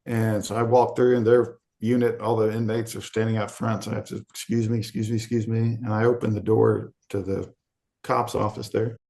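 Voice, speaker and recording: A middle-aged man from Arkansas speaks as a podcast guest, telling his story candidly. His voice sits low and has a gravelly fry. He slips into the quoted voices of the people in it. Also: level tone, fairly quick, dark tone. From Arkansas, USA.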